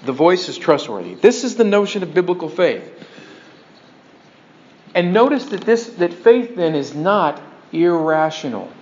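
A man preaching in a loose, talky way, checking in with his listeners as he goes. His voice sits a little high for a man, and the recording sounds dull and lo-fi. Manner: conversational, animated, with frequent restarts and checking questions. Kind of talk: sermon.

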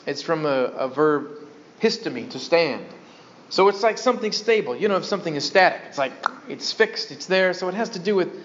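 A man teaching a sermon to a congregation, folksy and animated, with joking asides. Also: on the high side. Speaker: pastor. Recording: dull lo-fi sound.

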